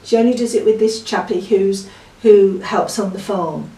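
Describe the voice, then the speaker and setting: A woman's voice: mid-range voice, fairly even intonation, normal speed, mellow. Chatty woman reviewing a book. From Yorkshire, England. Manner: rambling, chatty, with frequent ums and laughs. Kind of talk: casual chat. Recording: echoey room, far from the mic, faint noise.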